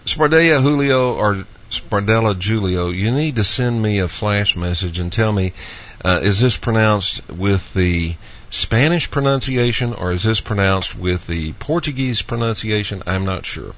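Low-voiced male radio show host. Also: measured pace. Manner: steady, takes calls and reads listener questions. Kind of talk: call-in radio talk. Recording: dull lo-fi radio sound.

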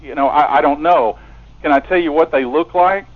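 A man's voice: a little high, normal speed. Earnest male radio guest with a stammering delivery, heard over a thin phone line. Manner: earnest, stammers and repeats words. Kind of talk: casual phone conversation. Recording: narrow telephone line.

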